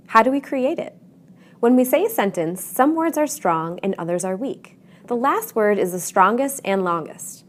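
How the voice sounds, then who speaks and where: A woman teaching English pronunciation in a clear, measured, encouraging scripted narration. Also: mid-range voice.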